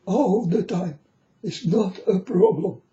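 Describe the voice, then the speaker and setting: A man putting on a high, singsong voice that he says sounds like an eighty-year-old man. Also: slow pace, dark tone. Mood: preachy. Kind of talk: showing off a put-on voice. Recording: dull lo-fi recording.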